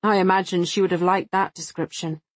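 Audiobook: woman narrator doing a calm, wry male partner who speaks softly and carefully, in a dry booth. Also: on the low side, a little fast, no room sound, close to an everyday voice. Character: calm gentle adult man, a partner.

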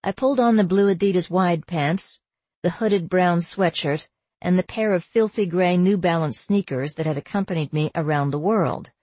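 A woman narrating a first-person novel as an audiobook, in a measured, wry storytelling manner. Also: fairly low pitch, a little mellow, no echo.

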